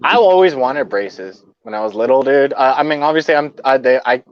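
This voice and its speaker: A man chatting casually as a guest, halting and restarting often, with casual swearing. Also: medium pitch, clean tone, no echo. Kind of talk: casual livestream chat. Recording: dry, dull lo-fi audio.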